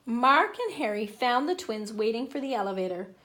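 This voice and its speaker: A woman reading a children's picture book aloud in an animated, playful way. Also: on the high side, normal speed, slight background noise. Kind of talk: children's story read-aloud.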